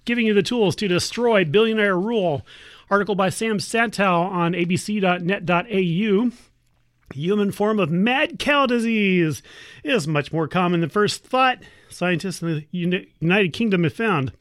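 A woman's voice: medium pitch, moderate pace, dry recording. A woman hosting a radio opinion program, reading a news article aloud and breaking in with wry, editorializing comments. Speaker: radio host.

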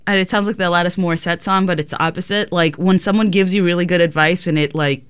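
A woman co-hosting a radio show, talking in a relaxed, hesitant way with lots of ums and easy laughter. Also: on the low side, fast talker, smooth. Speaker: radio co-host. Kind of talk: casual on-air chat. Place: radio studio.

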